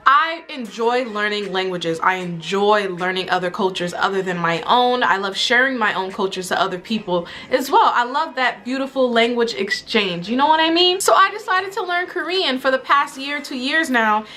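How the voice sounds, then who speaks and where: A young woman in her twenties talking casually to camera in a vlog, animated and exasperated, joking as she goes. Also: fairly high pitch, normal speed, hardly any pauses. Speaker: vlogger. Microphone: camera mic. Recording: faint music underneath.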